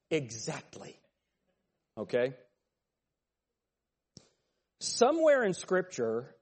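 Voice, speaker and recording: A man's voice: a little high, a little mellow. A man teaching a Bible class, talking conversationally, joking and calling on students by name. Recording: long hall reverb.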